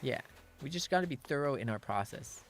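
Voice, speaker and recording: A woman's voice: very deep voice, lively intonation, fairly quick, a little hiss or hum. A woman streamer in casual, rambling chat while gaming, laughing at herself often.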